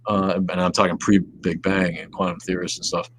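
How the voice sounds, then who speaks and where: A man's voice: deep voice, flat delivery, normal speed, background noise. A man hosting a casual livestream, reading viewer comments and rambling profanely, often trailing off into mumbles. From Southeast Wisconsin. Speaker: livestream host.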